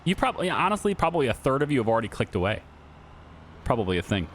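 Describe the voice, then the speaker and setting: A man's voice: medium pitch, big pitch swings, rapid-fire, a bit bright, a little hiss or hum. A man in his thirties chatting casually over gameplay, joking and sarcastic with his viewers. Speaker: gaming YouTuber.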